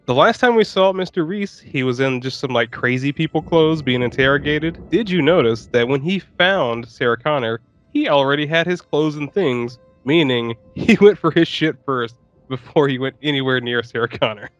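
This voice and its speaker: Dude on a podcast cracking jokes and swearing, dry close mic. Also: male voice, mid-range voice, normal speed, no room sound, dull audio, soft background music. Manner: laughing, jokey, swears a lot. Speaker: podcast co-host. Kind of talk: casual chat about a movie.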